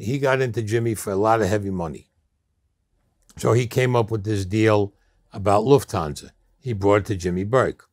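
A man's voice: mid-range voice, dry recording. A man in an interview, telling stories in a blunt, streetwise way. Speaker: interview guest. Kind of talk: storytelling interview.

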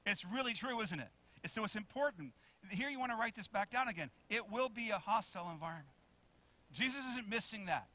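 A male pastor preaching a sermon in a church, animated, acting out quotes and asking the congregation questions. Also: sits high. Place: church sanctuary.

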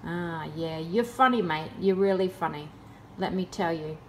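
A woman's voice: fairly low pitch, normal speed, a little mellow, slight background noise. A woman in a casual vlog, talking in a sarcastic, exasperated way. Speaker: vlogger.

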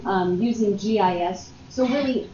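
A woman moderating a workshop sounds upbeat and encouraging and laughs easily. The recording is muffled and roomy, with steady noise behind her. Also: medium pitch, normal speed. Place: meeting room.

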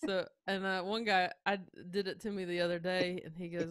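Woman, kinda deep voice, chatty host who jokes along, dry close sound. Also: normal speed, fairly bright tone, clear, resonant tone, no echo. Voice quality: deeper voice. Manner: laughs easily, jokes along. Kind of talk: casual interview chat.

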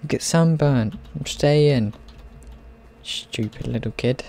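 A man hosts his gaming channel, goofing around and talking to the characters as he plays. His voice is mellow and rounded, and he takes his time, letting each phrase stretch out unhurriedly. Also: medium pitch, measured pace, no room sound. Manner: playful, rambling, talks to game characters. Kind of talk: gameplay commentary.

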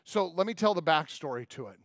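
Preacher, male, slightly high, chatty storyteller, close and dry. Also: animated, a little fast, a bit bright, dry recording. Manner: conversational storytelling, acts out voices. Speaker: pastor. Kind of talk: sermon. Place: church main hall.

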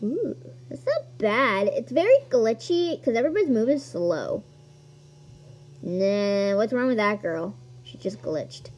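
Excitable high-voiced woman gaming. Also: measured pace. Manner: excitable, gasps and squeals at discoveries. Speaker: gaming video host. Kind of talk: casual gameplay commentary.

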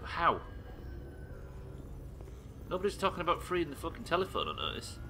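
A man from the UK streaming a game live, swearing often and reacting loudly between muttered asides. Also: fairly high pitch, wildly swooping pitch, moderate pace, a little hiss or hum. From United Kingdom. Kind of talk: live gameplay commentary.

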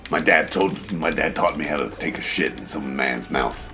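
A man's voice: rumbling low, normal speed, music in the background. A man co-hosting a let's play, rambling through absurd swearing tall tales and laughing. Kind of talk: comedic storytelling while gaming.

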